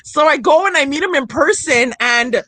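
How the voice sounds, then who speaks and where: A young adult woman chatting casually with friends, animated, full of "like," acting out what people said. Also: sits high, moderate pace, no room sound. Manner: animated storytelling, many "like"s, acts out quotes. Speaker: friend telling a story. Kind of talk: casual chat.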